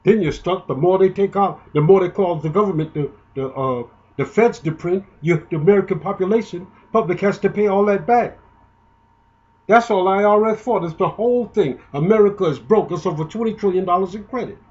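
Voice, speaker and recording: A man's voice: sits high, brisk, darkish tone, muffled recording. A man giving an indignant, emotional, rambling political monologue, often restarting his sentences. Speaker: political commentator.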